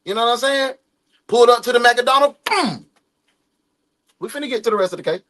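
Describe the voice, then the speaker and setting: A man giving casual, animated reaction commentary to a video, laughing and slipping into the voices of the people in the story. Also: very high voice, a little fast.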